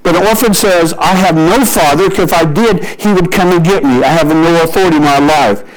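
A high-voiced man preaches a storytelling sermon, slowing to a crawl on his key points. The recording comes across like a radio broadcast. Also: poor audio. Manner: storytelling preacher who shifts pace for emphasis. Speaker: pastor.

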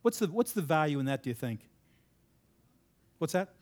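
This man's voice sits on the high side, very animated at a normal pace with a slightly mellow quality. Addressing a live crowd in a sermon-style, conversational way, he asks questions, echoes the replies, and punches certain words with abrupt emphasis.

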